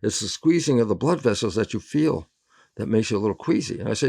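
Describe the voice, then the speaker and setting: A male scientist as an interview guest, explaining in lively storytelling and acting out both sides of remembered conversations, laughing often. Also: fairly low pitch, fast talker, gravelly. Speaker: interview guest, cell biologist.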